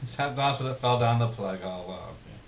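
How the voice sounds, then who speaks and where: A man's voice: medium pitch, gravelly. Chuckling man hosting a watch party. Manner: chuckles often, dry teasing remarks. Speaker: channel host. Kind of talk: casual watch-party chat. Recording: echoey room with faint hiss.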